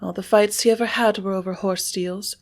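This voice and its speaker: A woman voicing a passionate young ranch woman in an audiobook, speaking in a tremulous, halting, breathless way. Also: mid-range voice, steady tone, natural voice. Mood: insistent. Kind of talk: audiobook character reading.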